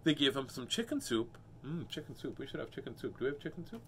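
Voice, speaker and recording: A man's voice: mid-range voice, sing-song, fast talker, fairly bright tone, a little hiss or hum. Playful man reading aloud with joking asides. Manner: playful, self-mocking. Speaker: host reading children's books.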